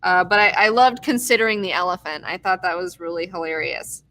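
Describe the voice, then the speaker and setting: A young woman casually recapping a TV episode, swearing freely, excitable and acting out characters' lines. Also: lowish voice, brisk. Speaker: TV recap host.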